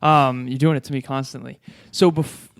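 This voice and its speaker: A man's voice: mid-range voice, fairly even intonation, normal speed, gravelly. A man co-hosting a podcast, speaking in an enthusiastic, encouraging way. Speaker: podcast co-host. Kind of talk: casual podcast interview.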